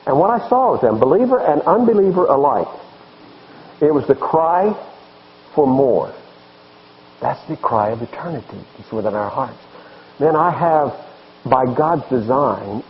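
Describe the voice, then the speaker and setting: A man, a pastor preaching a sermon with animated, emphatic delivery. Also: medium pitch, lo-fi sound.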